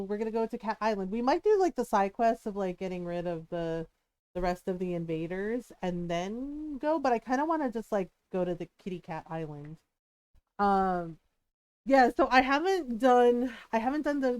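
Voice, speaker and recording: A woman streamer chats to her live audience in a rambling, animated way, laughing easily as she goes. Her voice sits a little high and sounds smooth and clear. The sound is dry and close to the mic. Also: dry recording.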